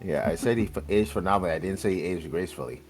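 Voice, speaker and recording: A man's voice: sits low, rapid-fire, a little mellow, soft background music. A man who plays in a tabletop game, joking and rambling in casual banter.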